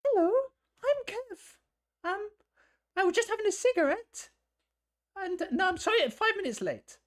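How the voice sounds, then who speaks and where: A man's voice: very high-pitched, sing-song, normal speed, pitched above the performer's own voice. A man voicing a timid young newcomer who talks nervously and keeps apologizing.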